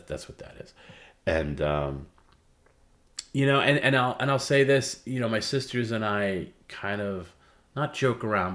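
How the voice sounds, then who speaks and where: This livestream host, a middle-aged man whose voice is very low, shares a personal story in a casual, wandering way. He speaks candidly, frequently letting sentences fade into a quiet hush.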